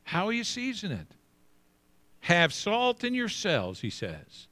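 Emphatic preaching man, high voice. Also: fairly bright tone. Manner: emphatic preaching, slow drawn-out repeated phrases, dropping low for scripture. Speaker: pastor. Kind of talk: sermon.

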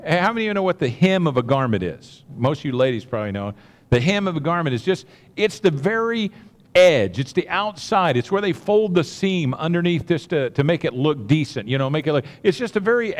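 Guy preaching, kinda high voice, tells the story all animated, big hall echo. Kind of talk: sermon. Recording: long hall reverb.

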